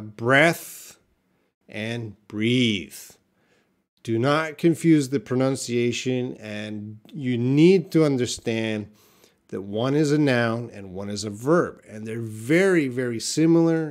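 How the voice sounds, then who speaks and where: A man's voice: medium pitch, a little mellow. A man teaching English in a live lesson, explaining words patiently and reading viewers' comments.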